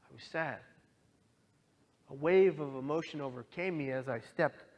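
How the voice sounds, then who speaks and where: His voice a little high and a little mellow, a man in his thirties tells his own story in an earnest, emotional testimony, now and then speaking as the people involved. He keeps a moderate pace.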